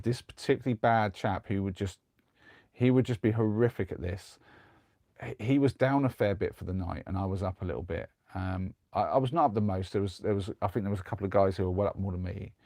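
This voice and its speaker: Low-voiced young man, chatty streamer. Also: no echo, clean studio sound. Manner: rambling, animated anecdote with many restarts. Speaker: live streamer. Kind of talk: casual chat and storytelling. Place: converted van.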